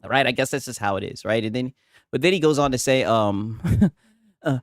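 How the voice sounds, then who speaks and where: A man reacting to posts on a casual stream, animated and laughing, with "right?" after many lines. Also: mid-range voice, brisk, no echo.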